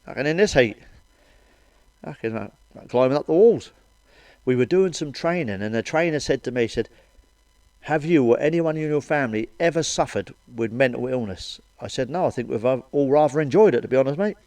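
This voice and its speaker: A man's voice: mid-range voice, lively intonation, fairly quick, darkish tone, no room sound. A man doing a blunt, foul-mouthed stand-up monologue of grumbling rants. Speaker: stand-up comedian.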